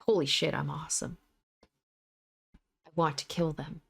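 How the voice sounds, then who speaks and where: Lady reading cocky brutal thug guy bragging and cussing, low voice. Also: fairly even intonation, a little slow, vocal fry, breathy edge, exaggerated voice. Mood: gloating. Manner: boastful, profane bragging. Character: gloating violent young male thug.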